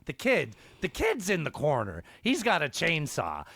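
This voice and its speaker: Man doing a raspy comedian voice, screechy, gravelly, stammering repeats, wild pitch swings. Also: huge pitch swings, fairly bright tone, no room sound, clean studio sound, exaggerated voice. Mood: gleeful storytelling. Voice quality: gravelly at times. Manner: dramatic storytelling, halting repetitions. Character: raspy screechy male comedian telling a filthy joke. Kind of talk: impression while telling a joke.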